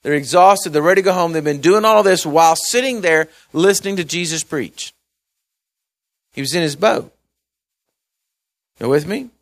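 A man preaching a sermon in a conversational, folksy way, with asides and repeated words, swinging between loud emphasis and quiet mumbling. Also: on the high side, lively intonation, normal speed, long pauses. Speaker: pastor.

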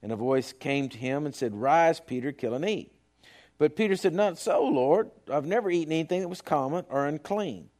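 A man preaching a sermon as pastor, swinging between hushed storytelling and loud emphatic repetition. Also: a little high, lively intonation, a little fast, few pauses.

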